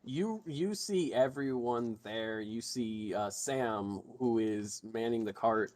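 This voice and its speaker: A man's voice: medium pitch, slow. A man running a tabletop game as game master, narrating and swearing freely as he describes scenes. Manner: animated, profane, jumps into comic voices.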